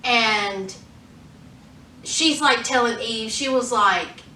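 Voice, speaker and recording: A woman casually recapping a TV episode for her vlog, telling the story in an animated way and acting out the characters' lines. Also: a little high, slow pace, slight background noise. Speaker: TV show reviewer. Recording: roomy echo, distant from mic.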